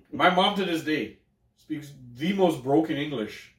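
A man's voice: a little high, lively intonation, a little slow, recorded from a distance. A man co-hosting a podcast in casual chat, rambling, swearing and laughing often. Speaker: podcast co-host. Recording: roomy, from off-mic.

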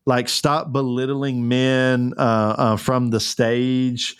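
A man's voice: medium pitch, little pitch movement, slow pace, smooth, no echo, clean studio sound. A man co-hosting a podcast, talking earnestly and fervently, with many restarts and fillers. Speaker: podcast co-host. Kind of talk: casual conversational podcast.

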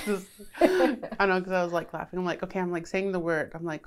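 A woman co-hosting a casual podcast, chatty and quick to laugh, with many "like" fillers. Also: mid-range voice. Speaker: podcast co-host. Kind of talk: casual chat.

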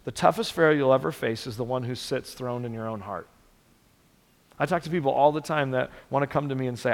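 A man's voice: medium pitch, brisk, vocal fry. A male pastor preaching a sermon, earnest and direct, often repeating words for emphasis. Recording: long reverb of a church hall.

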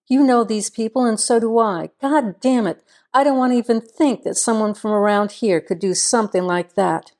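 A woman's voice: mid-range voice, a little mellow, natural voice. A woman reading the part of a frustrated small-town deputy, a grown man, in an audiobook.

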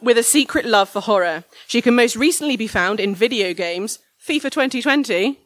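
A woman's voice: on the high side, lively intonation, fairly quick, no echo. Wry woman compering a live show. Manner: joking, wry asides. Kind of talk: live stage introduction. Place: theatre stage before a live audience.

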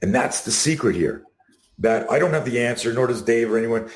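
A middle-aged man being interviewed, talking in an animated way and acting out the quotes in his stories. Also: medium pitch, a little fast. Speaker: guest. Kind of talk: casual interview. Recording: roomy echo.

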